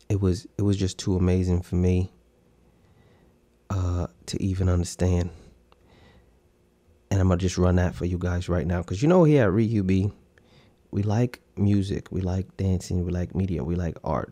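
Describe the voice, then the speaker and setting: Gravelly low-voiced male podcast host. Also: warm tone, no echo. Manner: profane, laughing, incredulous. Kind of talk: casual podcast chat.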